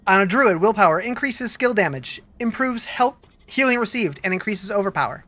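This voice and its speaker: A game streamer talking into a home desk mic on a live stream, fighting a case of hiccups. The voice is bright and sharp, chatty and loose, stopping and restarting sentences while answering chat. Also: mid-range voice, animated, normal speed. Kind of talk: casual live-stream chat, reading viewer comments.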